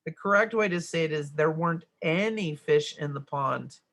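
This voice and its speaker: A middle-aged woman walks through a grammar worksheet lesson, explaining each answer step by step and often checking in with "right?". Her voice has a gravelly edge and a bright, forceful tone. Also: sits low, moderate pace. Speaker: teacher.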